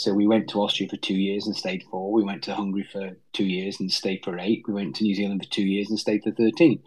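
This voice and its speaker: British man in his fifties, pastor guest, lowish voice, halting delivery with restarts. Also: a little mellow, poor audio. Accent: British English. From England. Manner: hesitant, with many restarts. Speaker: staff pastor. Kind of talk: conversational interview.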